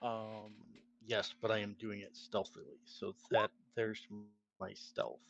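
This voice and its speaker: A man playing a tabletop game, talking in a relaxed, hesitant way. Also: lowish voice, slow, gravelly, highs cut off. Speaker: player.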